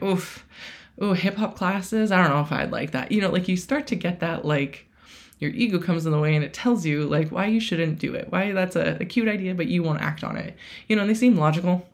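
A woman's voice: low voice, fast talker. A woman in her thirties hosting a podcast, talking in a casual solo monologue, chatty with lots of fillers and acted-out self-quotes. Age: 30s. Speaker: podcast host.

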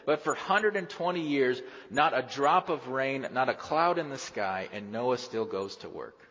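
A pastor preaching a sermon in a church sanctuary, dramatic, swinging from loud questions to hushed lines. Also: male voice, mid-range voice, animated, a little slow. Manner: dramatic, rises and drops sharply, acts out quoted voices. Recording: dull sound, long hall reverb.

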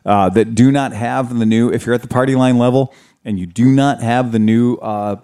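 A man hosting a casual podcast, telling an animated road-trip story, swearing freely and acting out the people in it. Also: medium pitch, moderate pace, clean tone. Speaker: podcast host. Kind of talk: casual chat.

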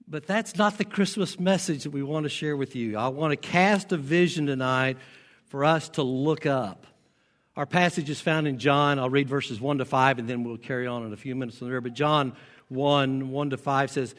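A pastor with a faint Southern American accent preaching a sermon, stressing his key lines and repeating them slowly. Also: medium pitch. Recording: long hall reverb.

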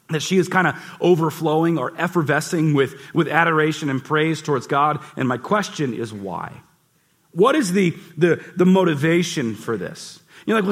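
A man preaching a lively sermon in church, asking the listeners questions and acting out the voices in the story. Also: on the high side, husky. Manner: animated preaching, acts out voices and asks the crowd questions. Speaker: pastor.

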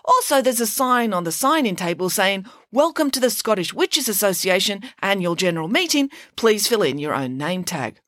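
A woman's voice: medium pitch, sing-song, moderate pace, few pauses, fairly bright tone, no echo, studio quality. A woman voicing a sensible, cautious male sidekick who reasons politely. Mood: wary.

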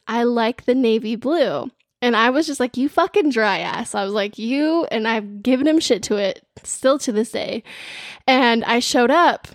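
A young woman co-hosting a podcast, telling a story in casual chat with a lively, filler-heavy manner. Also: on the high side, dry recording, studio quality. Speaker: podcast co-host.

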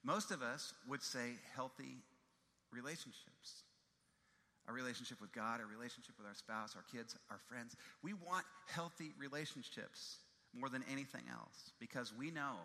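A man's voice: medium pitch, bright, forceful tone, long reverb tail. A man preaching a sermon as a pastor. He tells stories with emphasis and repeats his key phrases.

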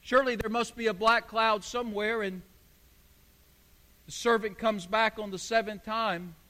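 The sermon comes from a male pastor with a high, ringing, bright voice that he pushes hard while keeping a steady tone at normal speed. He leans on emphasis and repeated phrases, and a big hall adds a long reverb.

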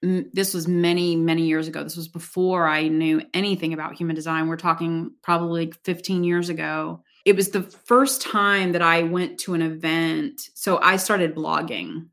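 A woman's voice: deep voice, steady tone, normal speed, hardly any pauses, a bit bright. A woman guest on a podcast, talking casually and hesitantly, with many fillers.

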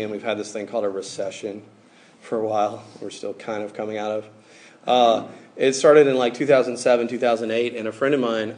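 Young male campus preacher, relaxed and chatty, mid-pitched, reads aloud at times. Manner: casual, conversational preaching with many fillers. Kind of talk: sermon to students.

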